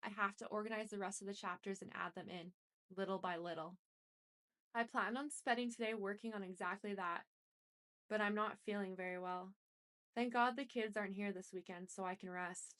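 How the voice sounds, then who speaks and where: A woman's voice: mid-range voice, fairly even intonation, normal speed, fairly bright tone. A woman reading aloud a dramatic first-person story, in an intense and emotional way. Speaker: reader.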